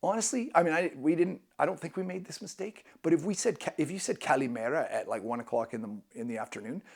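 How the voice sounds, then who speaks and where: A man's voice: a little high, quick pace, gravelly, a little mellow, breathy edge. A man vlogging casual travel tips to camera, enthusiastic and rambling, with many restarts.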